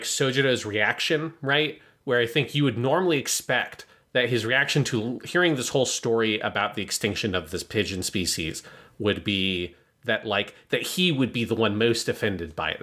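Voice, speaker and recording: A man's voice: on the low side, fairly bright tone. A man co-hosting a podcast, analyzing a story in a casual, thinking-aloud way. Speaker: podcast co-host. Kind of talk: casual podcast review chat.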